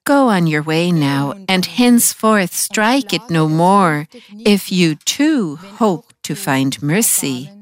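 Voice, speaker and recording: A woman reading the words of a gentle, compassionate male teacher who rebukes cruelty, in a solemn, measured way. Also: lowish voice, lively intonation. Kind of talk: scripture reading.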